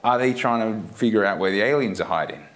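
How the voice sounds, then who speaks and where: A man's voice: on the low side, lively intonation, fast, a bit bright. Wry, musing male podcast co-host. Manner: wry, musing, joking asides. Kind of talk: casual chat.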